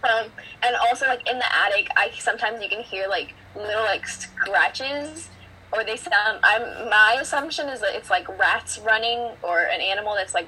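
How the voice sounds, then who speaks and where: Bright-voiced chatty teen girl. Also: mid-range voice, a little hiss or hum, poor audio. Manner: chatty, winding, filler-heavy. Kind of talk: casual chat.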